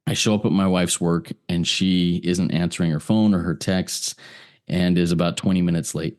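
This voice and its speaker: Deep-voiced man telling a personal story. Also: fairly even intonation, normal speed, darkish tone. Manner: earnest, restarts and repeats words. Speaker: podcast guest.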